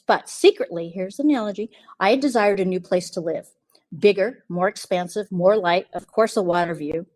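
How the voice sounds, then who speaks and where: A woman's voice: medium pitch, no echo. A woman podcast host telling a personal story in a casual, confiding way, often acting out what others said. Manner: chatty, confiding, quotes others in lively asides.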